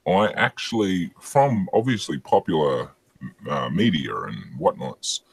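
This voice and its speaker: Very deep-voiced, blunt man. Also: unhurried, breathy edge, no room sound. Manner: blunt, swears often, animated storytelling. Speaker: guest. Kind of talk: casual chat.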